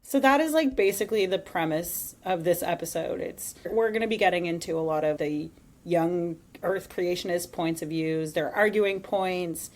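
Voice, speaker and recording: A woman co-hosting a casual podcast, chatty and animated, laughing often. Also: on the low side, normal speed. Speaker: podcast co-host.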